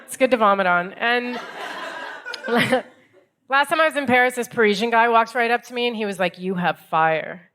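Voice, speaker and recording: An American woman in her thirties performing stand-up comedy in a club, wry and deadpan, acting out other people's lines. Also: on the high side, fairly quick, long pauses. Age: 30s.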